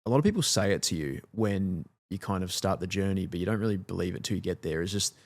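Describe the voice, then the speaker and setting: Give me a low-voiced, laid-back Australian dad chatting casually and playfully about his kids. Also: fast, a little mellow. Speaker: father on a parenting podcast. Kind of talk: casual chat.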